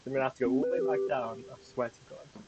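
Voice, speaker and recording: A man's voice: medium pitch, fast, dull audio, crowd noise. A man giving jumpy, swearing commentary while playing a horror game, talking to himself nervously. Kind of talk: let's play commentary.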